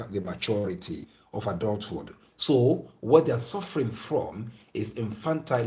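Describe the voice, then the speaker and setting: A man's voice: mid-range voice, darkish tone. A man gives an emphatic, moralizing lecture to his viewers and often repeats his phrases. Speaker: speaker addressing viewers.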